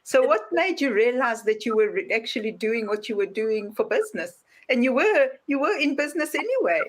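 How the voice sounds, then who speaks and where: Animated woman podcast host. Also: a little high, brisk. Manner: animated storyteller, acts out voices in anecdotes. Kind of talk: casual interview talk.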